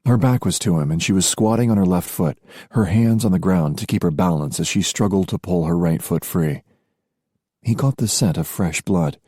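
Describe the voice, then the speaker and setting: A man narrating a romance audiobook in a measured storytelling voice. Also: low voice, mellow, slightly rough, no echo, clean studio sound. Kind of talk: scripted narration.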